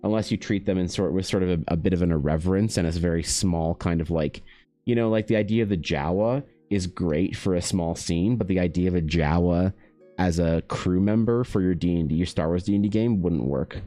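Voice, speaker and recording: A man streaming while he paints, chatting casually in a rambling, profane way, his pitch leaping up now and then. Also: a little fast, mellow, faint music behind. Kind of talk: casual livestream chat.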